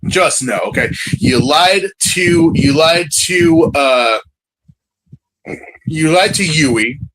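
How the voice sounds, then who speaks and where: Loud, animated high-voiced man. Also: takes it slowly, rough recording. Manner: loud, animated, jokey, swings into shouted impressions. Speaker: podcast co-host. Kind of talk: casual podcast chat.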